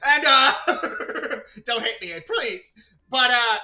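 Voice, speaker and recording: A man's voice: extremely high pitch, lively intonation, very slow, pushed and bright, lo-fi sound. A man streaming a video game, chatting casually with his viewers and rambling as he plays. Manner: rambling, chatty, talks to chat and to himself. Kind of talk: casual gaming livestream chat.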